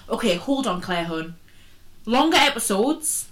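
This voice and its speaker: A woman's voice: mid-range voice, fairly even intonation, brisk, a bit bright. A woman in her twenties co-hosting a podcast, chatting casually with a teasing, laughing manner. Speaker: podcast co-host. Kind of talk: casual chat.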